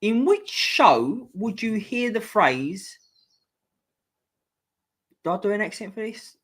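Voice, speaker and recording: A man's voice: sits high, sing-song, slow pace, fairly bright tone. A young man with a London accent hosting a casual live-stream quiz, swearing freely and chatting offhand between questions. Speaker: quiz host.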